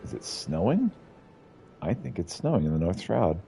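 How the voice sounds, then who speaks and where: A man streaming a video game, making relaxed, musing comments as he plays. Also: low-pitched, normal speed, vocal fry, background noise. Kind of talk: casual gameplay commentary.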